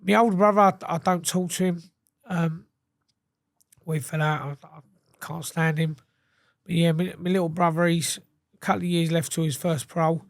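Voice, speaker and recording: A man's voice: on the high side, steady tone, moderate pace, vocal fry, long pauses, no room sound. Man, blunt storyteller, swears a lot, restarts sentences, dry close mic. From England. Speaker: podcast guest. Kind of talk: casual chat.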